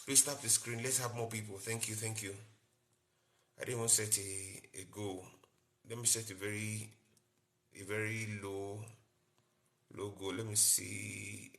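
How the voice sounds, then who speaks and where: A man's voice: fairly low pitch, level tone, a little slow, gravelly, pauses often, fairly bright tone. A man, a doctor hosting a live-stream health talk, explaining in short repeated phrases and greeting viewers by name.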